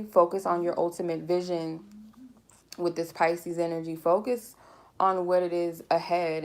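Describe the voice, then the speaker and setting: A woman's voice: lowish voice, gravelly, a little mellow. A woman giving a collective tarot reading in a casual, rambling way, speaking candidly and swearing freely. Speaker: tarot reader.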